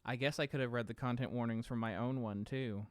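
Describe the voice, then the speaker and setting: A man hosting a casual livestream from home, talking in a relaxed, rambling way with lots of filler sounds. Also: mid-range voice, fairly quick, clean tone, dry recording. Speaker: podcast host streaming live.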